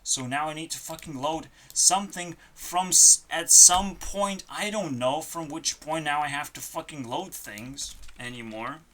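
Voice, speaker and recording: A channel host at a home computer desk, delivering a frustrated rant full of swearing that swings between loud outbursts and quiet muttering. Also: mid-range voice, measured pace, hardly any pauses, a little hiss or hum. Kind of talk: ranting vlog.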